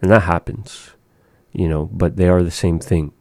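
A man with a very low, mellow voice walks a learner through new words. He speaks slowly and patiently, modeling each word with care. The sound is dry and close. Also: fairly even intonation, no room sound. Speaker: language teacher. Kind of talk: conversational language lesson.

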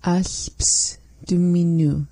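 A woman slowly repeats foreign phrases after her teacher, one phrase at a time. Her voice sits a little low and has a mellow tone. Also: steady tone. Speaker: language learner.

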